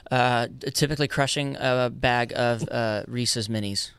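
A man's voice: medium pitch, fairly even intonation, a little slow, a bit bright, smooth, no room sound. A man in his thirties, a musician guest in a casual interview, talking earnestly with many restarts and easy laughs.

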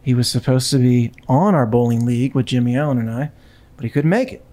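A woman's voice: very deep voice, fast talker, dark tone. A woman hosting a podcast, chatting casually in a rambling, self-deprecating way. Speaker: podcast host. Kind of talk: casual chat.

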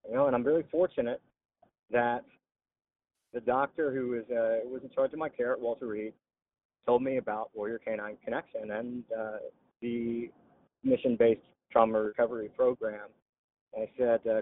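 A veteran telling his story in an interview, halting with frequent "uh" pauses. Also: medium pitch, fairly even intonation. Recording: tinny phone-like line.

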